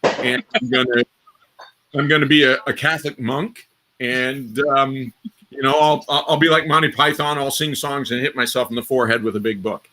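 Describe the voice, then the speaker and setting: A middle-aged man hosting a live stream, telling rambling war stories in a casual, animated way with sudden loud bursts. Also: medium pitch, moderate pace, slight background noise. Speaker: host.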